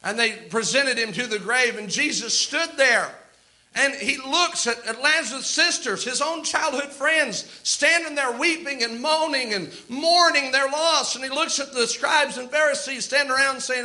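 A man's voice: very high-pitched, moderate pace, pushed and bright. A man preaching a sermon, telling the story with impassioned, dramatic rises and outbursts.

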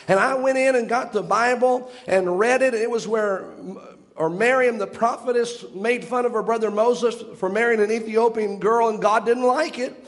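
A man's voice: high-pitched, normal speed. A man preaching a sermon, retelling a story with long quotes and stopping to explain each detail earnestly.

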